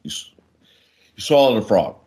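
A man co-hosting a podcast in casual chat, playful and animated, happy to tell a long joke. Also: fairly low pitch, normal speed. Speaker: podcast co-host.

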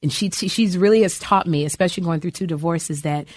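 A middle-aged woman, both actress and comedian, appears as an interview guest in a lively chat, acting out voices as she tells animated stories. Her voice is fairly low and quick, captured in a clean studio with no room sound.

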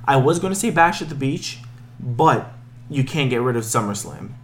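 A man's voice: medium pitch, animated, moderate pace, fairly bright tone, slight background noise. Casual male wrestling podcaster. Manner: jokey, stumbles over names. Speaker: podcast co-host.

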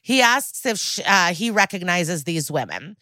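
Speaking at a normal speed in a lowish voice, a podcast co-host chats through a TV episode recap, performing the characters' lines and cursing freely along the way. The studio-quality audio has no room sound.

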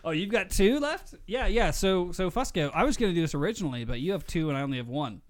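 A man co-hosting a charity livestream, chatting casually. His voice sits a little high for a man. He is loud and excitable, and he swears and laughs freely. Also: fast talker. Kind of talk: casual chat.

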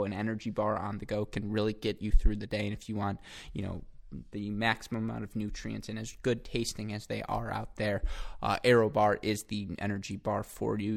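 A man's voice: fairly low pitch, creaky. A man hosting a podcast, in a chatty, self-deprecating monologue full of pleading plugs. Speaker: podcast host.

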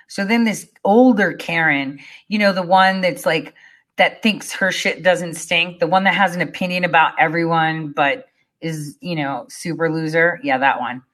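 A woman vlogging to her viewers, telling a story in a blunt, animated way, swearing freely and using lots of "like" and "you know.". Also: low voice, moderate pace. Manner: conversational, many fillers like "you know" and "like".

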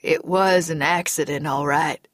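A woman voicing a big, grief-stricken older man who talks in a heavy, halting way. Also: deep voice, steady tone, dry recording, clean studio sound. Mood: bitter.

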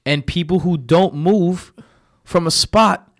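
A man's voice: high-pitched, takes it slowly. A man, a podcast guest who speaks bluntly with dry wit. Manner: blunt, wry, laughs easily. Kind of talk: casual chat.

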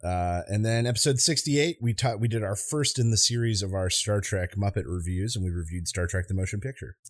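Recorded in a clean studio with no room sound, a man in his thirties speaks a little fast in a lowish voice. As co-host of a casual podcast, he animatedly tells anecdotes and performs the characters' voices.

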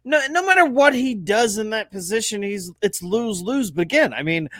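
A man's voice: high-pitched, moderate pace, no room sound. A man co-hosting a casual sports podcast, arguing his point hard and swearing freely. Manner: animated, swearing, argues hard. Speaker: podcast co-host.

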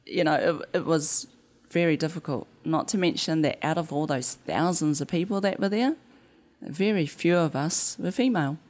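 NZ-accented woman, low pitch, game developer guest, lively storyteller acting out quotes. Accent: New Zealand. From New Zealand. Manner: animated storyteller acting out quotes, laughs easily. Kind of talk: conversational interview.

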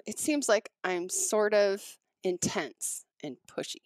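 A woman talking casually as a podcast co-host, excitable and animated as she tells stories. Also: medium pitch, slow pace, dry recording. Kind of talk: casual chat.

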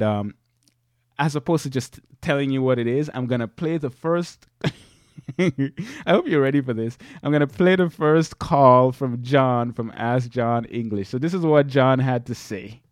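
A man's voice: medium pitch, a little mellow, dry recording. A man hosting his own podcast from a small home office studio, chatty, laughing often and repeating himself. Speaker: podcast host. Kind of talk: casual solo podcast talk.

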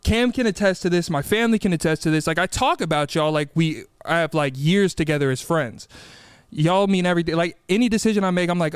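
High-voiced energetic male podcast host. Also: brisk, clear, resonant tone, dry recording. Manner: energetic, rambling, gushing to listeners. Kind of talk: casual podcast intro chat. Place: podcast studio.

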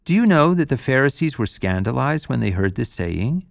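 A man's voice: mid-range voice, very animated, moderate pace, creaky, no echo, clean studio sound, voice pushed up. A man reading scripture aloud, voicing a group of puzzled male followers asking questions. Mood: questioning.

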